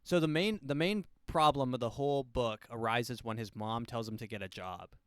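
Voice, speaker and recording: A man's voice: medium pitch, moderate pace, a bit bright, smooth, no room sound, clean studio sound. A man hosting a podcast, rambling through a casual book review and breaking into silly voices for quotes. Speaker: podcast host.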